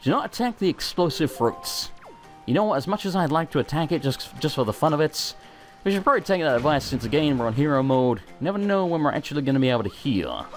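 A young man hosting a let's play, commenting in a sweary, self-mocking, excitable way. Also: on the high side, quick pace. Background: faint game music.

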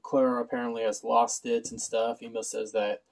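Male reviewer, offhand sarcastic recap, mid pitch, loose and chatty. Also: level tone, normal speed, vocal fry, darkish tone, low-quality recording. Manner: sarcastic, offhand, many "uh" fillers. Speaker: show reviewer.

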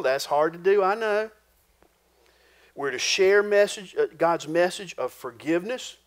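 A male pastor preaching a sermon in a folksy, homespun way, dropping low and quiet for solemn points. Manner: folksy, homespun preaching with rural turns of phrase.

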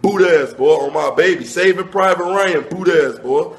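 Casting: a high-voiced man roasting someone, rattling off insult after insult and looping catchphrases. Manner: rapid-fire insult riffing with repeated catchphrases. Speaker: vine comedian. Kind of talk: comedic roast rant.

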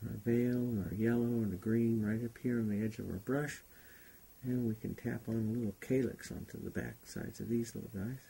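A man's voice: on the low side, steady tone, normal speed, vocal fry, mellow, breathy edge. A man teaching a painting class, talking unhurriedly and thinking aloud as he paints. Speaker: painting instructor. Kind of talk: relaxed painting demonstration.

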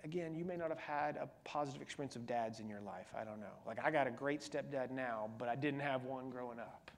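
A middle-aged male pastor preaching a sermon in a church, conversational but rising to loud emphatic peaks and dropping to hushed near-whispers. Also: mid-range voice, brisk, gravelly. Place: church sanctuary.

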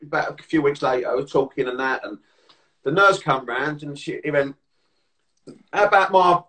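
A man's voice: medium pitch, fairly even intonation, moderate pace, bright, forceful tone. A man in casual chat, explaining things plainly and telling funny stories. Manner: explanatory, then anecdotal and laughing. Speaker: co-host.

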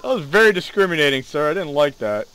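A young man hosting a gaming video, excitable, laughing and swearing at the game while he plays. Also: fairly high pitch, fast talker, faint music behind. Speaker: gaming channel host. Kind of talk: casual gameplay commentary.

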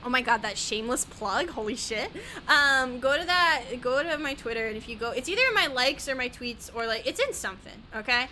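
High, animated young-sounding woman streamer. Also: fairly quick, hardly any pauses, slight background noise. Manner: rambling, giggly, easily sidetracked, swears a lot. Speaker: gaming streamer. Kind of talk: casual live-stream chatter while playing.

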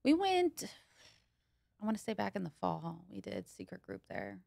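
Playful giggly girl on a podcast, animated pitch, dry close mic. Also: moderate pace, creaky, no room sound. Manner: giggly, playful, laughs often. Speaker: comedian guest. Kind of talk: casual podcast chat.

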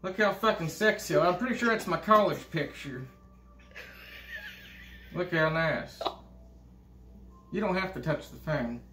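A crude, bragging older state governor, as a man puts him on rambles. The voice sits high and bright. It rings in a roomy, echoey space. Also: unhurried, pauses often, a little hiss or hum. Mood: ranting. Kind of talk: comedic impression monologue. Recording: echoey room.

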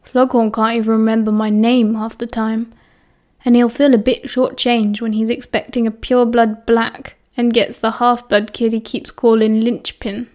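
A woman voicing a dry, irritable teenage boy who speaks flat and curt, in a British accent. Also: fairly high pitch, normal speed, lightly acted.

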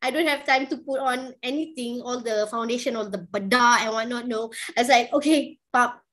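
High-voiced chatty woman. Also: brisk. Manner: animated, chatty, with frequent "like" and "man". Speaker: guest speaker, freelance journalist. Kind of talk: casual storytelling to an online class.

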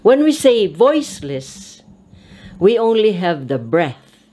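A woman speech teacher giving a pronunciation drill lesson, saying each word slowly and with careful over-articulation, then repeating it. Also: medium pitch, big pitch swings, mellow.

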